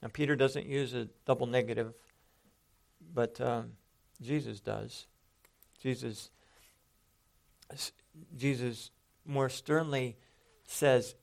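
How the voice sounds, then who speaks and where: A man's voice: medium pitch, unhurried, vocal fry. A man teaching a Bible sermon, explaining passages step by step and stressing quoted lines with emphatic rises.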